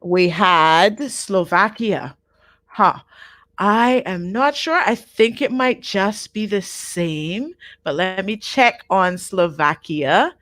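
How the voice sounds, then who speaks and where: A woman teaching a live online Japanese class, patient and repeating each word slowly for her learners. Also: mid-range voice, animated, a bit bright, no room sound.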